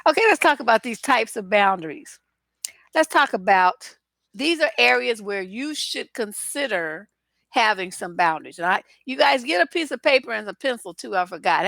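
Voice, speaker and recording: A woman relationship coach talking to her viewers in a casual live broadcast, blunt, animated and freely profane. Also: medium pitch, vocal fry, no echo.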